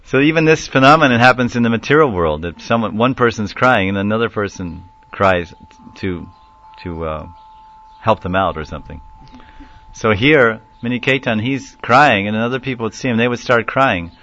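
A man's voice: fairly low pitch, normal speed, sharp tone, dull audio. A man giving a devotional class lecture, telling stories animatedly, acting out quotes and chuckling often. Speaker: spiritual lecturer.

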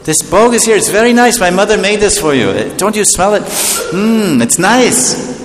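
A man's voice: high voice, animated, normal speed, voice pushed up. A man voicing an earnest young Brahmin priest boy who pleads and coaxes. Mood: coaxing. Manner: pleading, coaxing. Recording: echoey hall with long reverb.

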